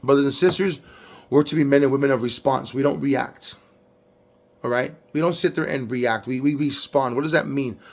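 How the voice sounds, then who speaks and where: A man giving a casual devotional Bible recap, preaching with lively slang and acting out quotes. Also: medium pitch, normal speed. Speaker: Bible teacher.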